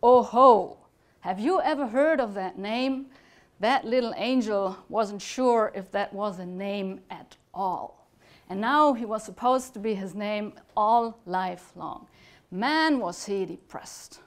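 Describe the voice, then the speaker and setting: A woman lecturer telling a fairytale at a conference talk, expressive and sometimes dropping to a whisper for effect. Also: medium pitch, takes it slowly. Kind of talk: storytelling to an audience.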